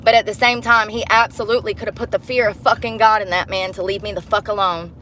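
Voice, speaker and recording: A woman's voice: medium pitch, steady tone, quick pace, a bit bright, slight background noise. A woman vlogger ranting angrily and bluntly to the camera from inside her car at night, swearing often. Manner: angry, profane, blunt. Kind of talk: heated rant to the camera.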